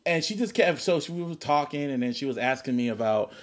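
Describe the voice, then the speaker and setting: Young guy on a podcast, mid pitch, laughing and cussing through a story. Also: fast. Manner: animated, laughs often, swears, acts out quotes. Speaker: podcast co-host. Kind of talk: casual storytelling chat.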